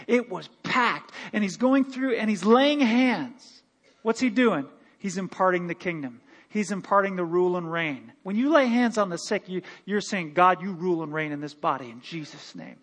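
Male pastor, high voice, animated sermon delivery, long hall reverb. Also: brisk. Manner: animated preaching with laughs and quoted voices. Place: church sanctuary.

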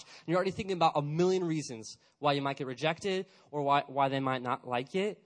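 A young man in his twenties giving a casual, energetic youth sermon, chatty and full of fillers, acting out little quotes. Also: on the high side, brisk. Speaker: youth pastor.

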